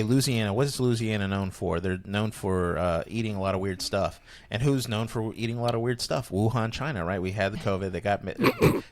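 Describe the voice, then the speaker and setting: A man, a comedian, talking casually on a podcast, rambling and animated, with many restarts. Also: on the low side. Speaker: comedian guest.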